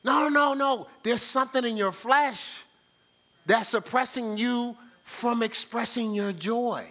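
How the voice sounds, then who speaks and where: A man, a pastor, preaching a sermon in a colloquial, animated way, acting out little scenes in different voices. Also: very high-pitched, slow pace.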